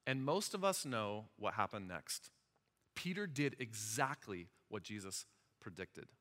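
Male pastor, lively preacher, bright forceful voice, long reverb from a large hall. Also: on the low side, measured pace. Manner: animated, asks the audience questions. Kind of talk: sermon.

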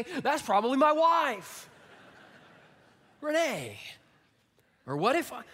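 High-voiced male pastor preaching in a reverberant hall. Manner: animated, emphatic storytelling with acted-out quotes. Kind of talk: sermon. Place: church auditorium. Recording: long reverb of a large hall.

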